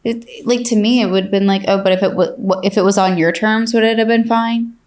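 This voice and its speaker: A woman hosting a podcast talks quickly at a middle pitch. Her follow-up questions come out halting, with small restarts. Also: fairly even intonation, darkish tone. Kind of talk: casual chat.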